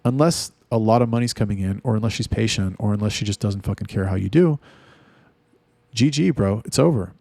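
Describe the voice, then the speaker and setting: Gravelly guy ranting hard, swears a lot, dry close sound. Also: fairly low pitch, brisk, mellow, no echo. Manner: blunt, profane, heated. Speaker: talk host. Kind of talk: casual ranting monologue.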